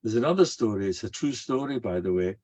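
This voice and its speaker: An older man, a rabbi giving a storytelling sermon in an animated way. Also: on the low side, fast. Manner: animated, acts out quoted voices.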